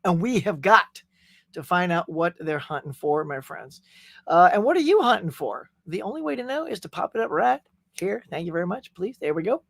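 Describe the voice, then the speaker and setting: A man's voice: high-pitched, big pitch swings, normal speed, vocal fry, fairly bright tone, dry recording, clean studio sound. A man hosting a casual live stream, chatting energetically and greeting viewers by name. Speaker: host. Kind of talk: casual livestream chat.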